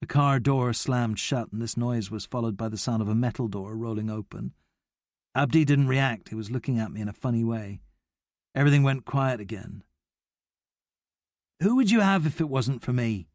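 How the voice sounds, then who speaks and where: A man reading a novel aloud in a measured, steady first-person narration. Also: medium pitch, no echo, studio quality. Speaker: audiobook narrator.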